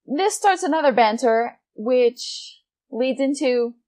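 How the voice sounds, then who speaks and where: Animated young woman telling a story. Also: high voice, takes it slowly. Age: 20s. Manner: animated, swears casually, breaks into laughter. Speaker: gaming vlogger. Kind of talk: casual storytime narration.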